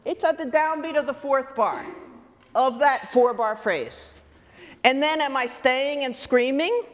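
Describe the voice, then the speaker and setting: A woman clinician coaching a student wind band in rehearsal, lively and full of questions to the players. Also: high voice, measured pace. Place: large theatre stage. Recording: long hall reverb.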